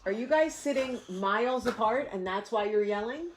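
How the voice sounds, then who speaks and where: A woman's voice: a little high, normal speed, slight background noise. A woman with a New Jersey accent hosting a casual home vlog, chatting to camera in her kitchen and calling out to her family. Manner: animated, shouts across the house, coos at the dog. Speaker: vlog host.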